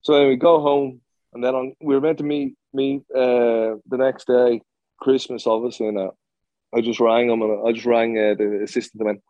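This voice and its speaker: A man's voice: mid-range voice, level tone, moderate pace, dark tone, dry recording, lo-fi sound. A man who played professional football, telling a story in an interview, blunt and swearing freely, with lots of restarts.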